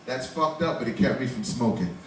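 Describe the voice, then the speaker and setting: A man's voice: mid-range voice, expressive, brisk, background noise. A man in his forties doing a loose, conversational stand-up comedy set in a small bar, laughing at his own jokes. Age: 40s. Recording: roomy bar, voice from far off.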